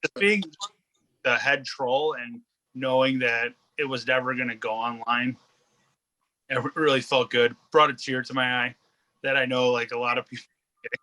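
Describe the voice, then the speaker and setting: A man's voice: medium pitch, fairly even intonation, normal speed, bright, forceful tone, rough recording. A man telling a story as a guest on a casual podcast, rambling with many restarts and quoted asides.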